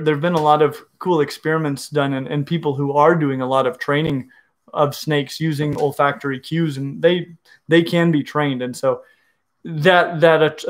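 A middle-aged man explains reptile biology to viewers in a casual Q&A, enthusiastic and full of restarts. His voice sits a little high for a man. He sounds like an educator thinking out loud. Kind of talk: casual livestream Q&A.

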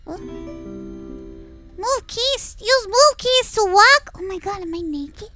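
A young adult woman streamer giving excitable, jokey let's-play commentary, easily scared and slipping into Spanish phrases. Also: very high voice, slow pace, faint music behind.

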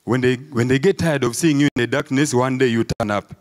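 A man with a Ugandan English accent doing a stand-up comedy set, telling animated stories and asking the crowd "eh?". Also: mid-range voice, brisk. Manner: animated storytelling, acts out crowd voices, peppered with "eh?". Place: live comedy show before an audience.

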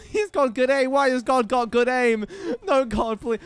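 A man giving excitable Minecraft gameplay commentary, swinging into panicked pleading and laughter. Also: high-pitched, a little slow, few pauses. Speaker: gaming video creator.

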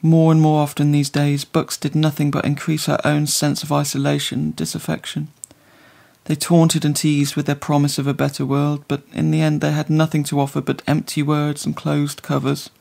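A man reading a literary story aloud in measured, scripted narration. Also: fairly high pitch, completely flat delivery, vocal fry, a little mellow. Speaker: audiobook narrator.

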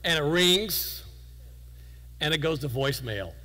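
A man giving a guest sermon in a church, telling stories in a relaxed, conversational way with self-deprecating humor. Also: on the high side, unhurried, big-room sound, a little hiss or hum, poor audio. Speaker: guest preacher. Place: church sanctuary.

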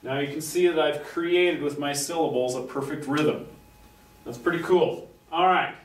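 A man's voice: a little high, steady tone, normal speed. A man teaching a music class, patiently explaining and chanting rhythm syllables at a chalkboard. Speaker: music instructor. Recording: echoey classroom, distant mic, faint noise.

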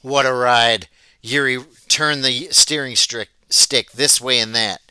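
Man reading a story aloud, bright crisp voice. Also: mid-range voice, fairly even intonation, slow pace, dry recording. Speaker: audiobook reader. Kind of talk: storybook read-aloud narration.

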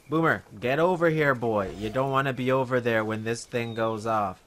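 A man giving casual, jokey commentary while playing a video game, talking to himself and the in-game dog with sudden excited outbursts. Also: mid-range voice, normal speed, slight background noise. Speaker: gaming video host.

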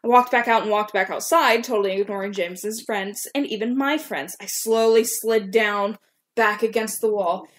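A woman's voice: mid-range voice, normal speed. A woman co-hosting a podcast, casually reading her old fan fiction aloud and stopping to comment on her own writing. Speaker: podcast co-host.

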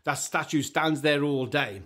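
A man's voice: a little high, measured pace, fairly bright tone. A male storyteller voicing the wind as an emphatic, boastful figure in a told story. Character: boastful wind that blows every way.

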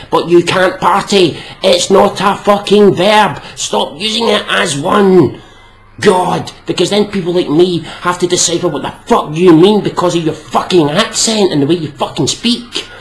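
Exasperated sweary Scottish man. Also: sits high. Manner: exasperated, profane, sarcastic. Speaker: vlogger. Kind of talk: comedic rant to camera.

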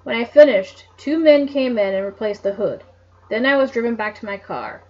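A woman voicing a calm male doctor who recounts events in a measured way, on a dull lo-fi home mic. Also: very high voice. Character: calm male doctor telling his story.

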